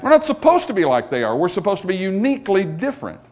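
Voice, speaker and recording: A middle-aged man preaching a sermon to his congregation, folksy and joking, swinging between soft asides and loud emphatic points. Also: sits high, huge pitch swings, quick pace. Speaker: pastor.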